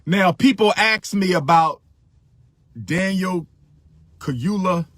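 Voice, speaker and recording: A man's voice: high-pitched, slow pace, fairly bright tone, dry recording. A middle-aged man giving impassioned commentary, emphatic, repeating his phrases for stress.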